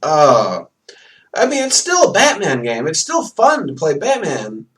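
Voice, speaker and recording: A man's voice: fairly high pitch, huge pitch swings, measured pace, a bit bright, far from the mic. A man hosting a solo podcast, ranting animatedly with mocking asides. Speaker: podcast host. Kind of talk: solo rant about a video game.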